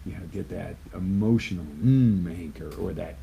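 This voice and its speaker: A man giving a live motivational talk as a life coach, emphatic and conversational, swinging from loud bursts to quiet asides. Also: sits low, moderate pace, gravelly, a little hiss or hum, poor audio.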